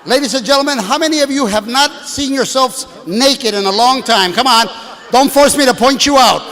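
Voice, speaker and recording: A man in his sixties doing a stand-up comedy set, brashly working the crowd and shouting at the audience from a stage. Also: very high-pitched, moderate pace. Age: 60s. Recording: live hall with long reverb, faint room noise.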